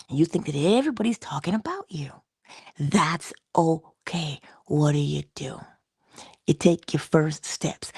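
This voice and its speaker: A woman giving a conversational motivational talk, coaching her listener and dropping into soft whispers for emphasis. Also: on the low side, gravelly, husky, no echo, studio quality. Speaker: inspirational speaker.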